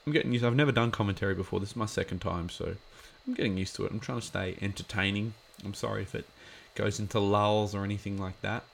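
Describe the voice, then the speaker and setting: A man's voice: on the low side, fast, creaky, few pauses, slight background noise. A man giving a casual watch-along commentary of an episode, chatty and rambling with lots of filler words.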